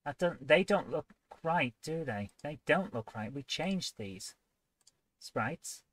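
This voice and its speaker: A woman's voice: low-pitched, animated, takes it slowly, husky, dry recording. A woman hosting a live game coding stream, chatty and playful, often joking at her own expense. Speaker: host.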